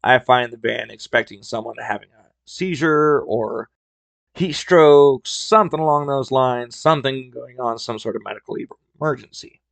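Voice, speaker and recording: A man with a gravelly, slightly fried voice tells stories in a relaxed, wry podcast style. His pitch sits at an ordinary middle level for a man. The recording is dry and close, with no room sound. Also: normal speed, no echo. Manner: wry, conversational. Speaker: podcast host. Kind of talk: casual storytelling.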